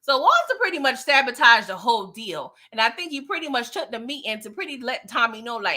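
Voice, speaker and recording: A woman's voice: fairly high pitch, big pitch swings, a little fast, few pauses, bright, forceful tone. A woman casually recapping TV episodes for her viewers, chatty and slangy, talking straight to the audience. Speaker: TV show recap vlogger.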